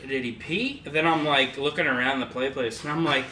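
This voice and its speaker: A man's voice: mid-range voice, fairly quick, bright, forceful tone. A young man, co-host of a casual podcast, telling a long embarrassing story and laughing often. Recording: echoey room, far mic, background noise.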